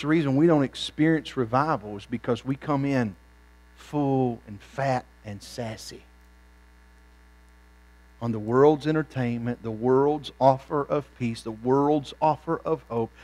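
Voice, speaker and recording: Folksy preacher, fervent delivery. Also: male voice, unhurried. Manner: folksy, rising to fervent shouts then dropping low. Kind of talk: revival sermon. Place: church sanctuary.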